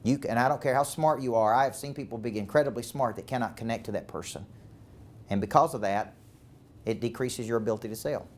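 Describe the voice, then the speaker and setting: A man's voice: medium pitch, fast. A man with a Southern accent from Tennessee, speaking as a sales coach to a sales team, emphatic and fond of rhetorical questions. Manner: emphatic, repeats words, asks rhetorical questions.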